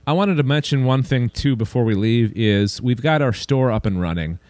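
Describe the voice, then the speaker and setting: A man hosts a casual podcast at an easy, chatty pace, his mid-range voice close and dry on the mic. He runs through closing announcements with relaxed friendliness. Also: medium pitch, moderate pace, dry recording. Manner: relaxed, chatty, wraps up with plugs. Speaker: podcast host.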